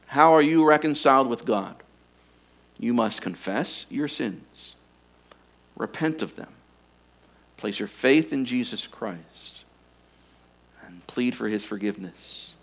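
Male pastor, mid-sermon, earnest and pressing, goes quiet for emphasis. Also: mid-range voice, expressive, slow pace, gravelly, long pauses. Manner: earnest, urging, drops to quiet intensity on key points.

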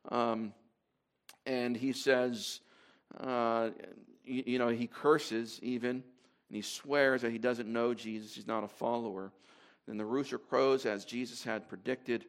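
A man gives a sermon to a gathered congregation in a middle-pitched, everyday voice. He speaks conversationally, with fillers and restarts, and reads scripture passages aloud as he goes. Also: fairly even intonation, normal speed. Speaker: preacher.

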